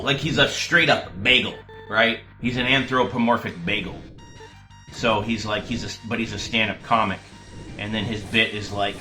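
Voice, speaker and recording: A man's voice: fairly low pitch, unhurried, bright, forceful tone. A man hosting his gaming channel, chatting casually and rambling between jokes while he plays. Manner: rambling, jokey asides. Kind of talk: casual gameplay commentary. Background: faint game music.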